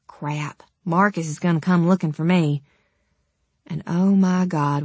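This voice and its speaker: A woman's voice: on the low side, dry recording. A woman narrating an audiobook in the first person, in a wry, conversational and casually profane manner.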